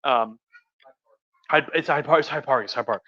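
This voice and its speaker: A man's voice: medium pitch, moderate pace, sharp tone, no room sound. A tipsy man hosting a casual history livestream from home, crude and profane, rambling with restarts. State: tipsy from wine. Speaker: host. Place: home room. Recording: dull, muffled audio.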